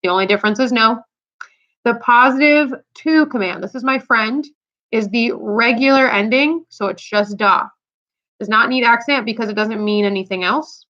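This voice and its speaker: Upbeat bright-voiced woman teacher. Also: on the high side, moderate pace. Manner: upbeat, chatty, direct to students. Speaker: Spanish teacher. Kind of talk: recorded lesson walkthrough. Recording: dull lo-fi sound.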